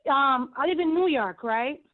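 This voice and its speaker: A woman with a Caribbean accent calls in over a tinny phone line and holds forth at length. She is emphatic and indignant, and her high voice rambles from point to point. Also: lively intonation, measured pace. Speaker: caller. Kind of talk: call-in radio rant. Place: home in New York.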